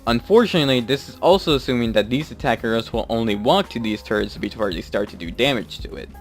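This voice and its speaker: A man's voice: medium pitch, expressive, fast talker, faint music behind. A man giving a scripted, matter-of-fact video game guide voice-over.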